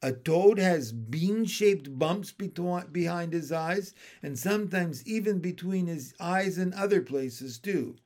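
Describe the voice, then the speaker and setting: Brief: man voicing a fussy female pond frog, teacherly and bossy, raised lively pitch, slow storybook pace. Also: exaggerated voice. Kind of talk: storybook read-aloud.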